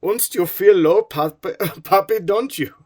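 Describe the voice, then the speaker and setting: A man voicing a husky eighteen-year-old son in an exaggerated, jokey mock German accent. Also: sits high, unhurried, voice pushed up. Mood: mock tender. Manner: exaggerated, sing-song, jokey.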